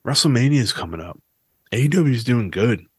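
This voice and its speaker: A man's voice: mid-range voice, lively intonation, brisk, darkish tone, husky, no echo, studio quality. A man hosting his own podcast, ranting casually with lots of swearing. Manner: profane, ranting, restless. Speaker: podcast host.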